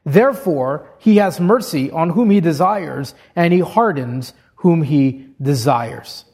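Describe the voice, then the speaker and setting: A man's voice: fairly high pitch, lively intonation, takes it slowly, a little mellow, slightly rough. A man preaching an expository sermon, reading scripture aloud and explaining it step by step in an earnest way.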